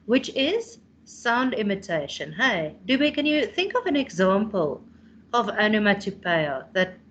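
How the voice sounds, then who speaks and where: A woman's voice: medium pitch, very animated, measured pace. A South African woman in her thirties teaching a revision lesson, explaining patiently and calling on students by name. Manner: explains patiently, calls on students by name, tags questions with "hey?".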